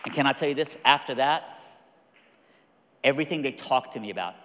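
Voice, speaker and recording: A man preaching a storytelling sermon, acting out the people in his story and swinging from hushed to loud. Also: mid-range voice, lively intonation, a little fast, crowd noise, background noise. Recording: echoey hall with long reverb.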